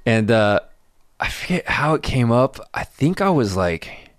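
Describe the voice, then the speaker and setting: A man's voice: medium pitch, unhurried, no echo, clean studio sound. A man on a podcast, telling skate filming stories casually, swearing freely and acting out what people said. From Southern California. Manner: animated, swears freely, acts out quotes with laughter. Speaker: skate filmmaker guest.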